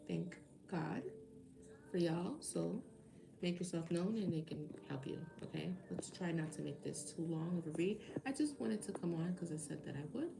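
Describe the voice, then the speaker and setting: Tired, gravelly woman chatting on a live stream. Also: on the low side, warm tone. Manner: rambling, chatty, talks straight to viewers. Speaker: tarot reader hosting a live stream. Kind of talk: casual live-stream chat.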